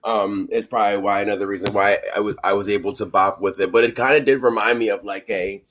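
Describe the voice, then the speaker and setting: A man on a casual podcast panel, speaking earnestly with halting restarts. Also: fairly low pitch, steady tone, fairly bright tone.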